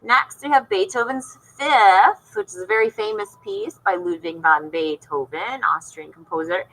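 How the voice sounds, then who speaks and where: A woman's voice: mid-range voice, lively intonation, normal speed, gravelly, fairly bright tone, rough recording. A woman music teacher walking young students through an online assignment, patient and explaining step by step. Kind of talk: recorded lesson walkthrough for young students.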